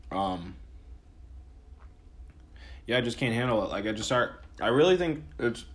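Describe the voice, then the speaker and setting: Guy rambling and swearing a lot, scratchy dry throat from a cold, lots of ums and restarts. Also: fairly low pitch. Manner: rambling, profane, with many fillers and restarts. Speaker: podcast host. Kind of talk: casual monologue.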